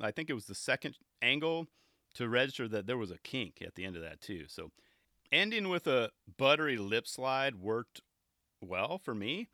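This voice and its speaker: A male host reviews skate video clips, chatting casually and with excitement, frequently restarting sentences and laughing. His voice is medium-pitched, and the sound is clean, dry studio audio.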